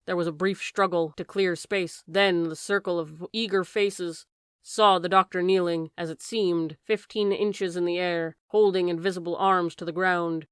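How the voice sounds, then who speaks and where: A woman narrating a classic science fiction novel as an audiobook, reading dramatically and raising her voice for shouted lines. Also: lowish voice, smooth, dry recording, studio quality. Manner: raises voice sharply for shouted lines.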